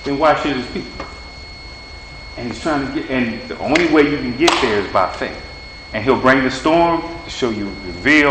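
A man's voice: medium pitch, animated, normal speed. A man preaching an informal sermon in a plain-spoken, folksy way, acting out little dialogues, then leading a prayer. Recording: echoey hall with faint hum.

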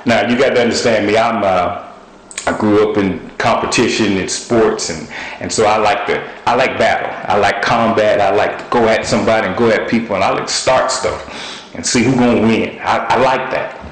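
Male preacher, lower voice, animated storyteller, roomy echo. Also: normal speed. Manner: storytelling, animated with sudden high shouts. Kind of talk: sermon.

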